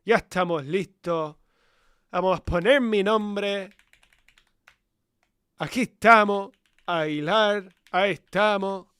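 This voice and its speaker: Profane young man streaming, smooth voice. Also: sits high, unhurried, long pauses, fairly bright tone, dry recording. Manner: profane, bantering, answers chat questions aloud; drifts between English and Spanish. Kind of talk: casual live-stream chat.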